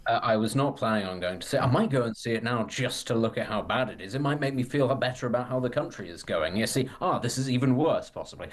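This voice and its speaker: A man's voice: medium pitch, animated, quick pace, few pauses. A man appearing as a commentator guest on talk radio, wry and articulate.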